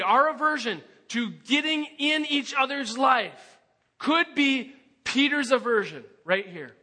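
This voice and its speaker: A male pastor with a high, bright voice delivers a sermon with earnest emphasis, using rhetorical questions.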